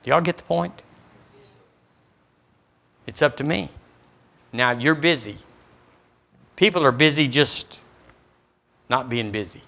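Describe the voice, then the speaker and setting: A man's voice: medium pitch, slow pace, creaky, long pauses, sharp tone. A middle-aged man preaching a sermon as pastor, folksy and acting out little dialogues. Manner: folksy, acts out dialogues with God.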